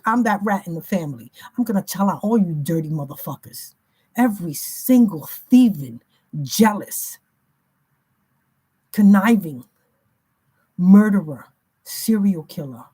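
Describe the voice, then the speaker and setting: Husky woman doing a spiritual reading, emphatic and slangy, mid-pitched. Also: mellow. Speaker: spiritual reader.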